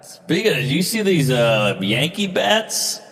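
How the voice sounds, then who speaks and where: A man's voice: fairly high pitch, very animated, measured pace, a bit bright, in a large hall. A man on a podcast, chatting casually and firing off wisecracks and jokey asides.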